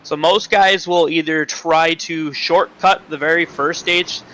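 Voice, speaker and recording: A man giving colour commentary on a sim race, halting and filler-heavy, then rushing through points. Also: on the high side, fairly even intonation, pushed and bright, rough recording. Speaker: color commentator. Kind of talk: sim racing analysis. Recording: choppy online call line with faint noise.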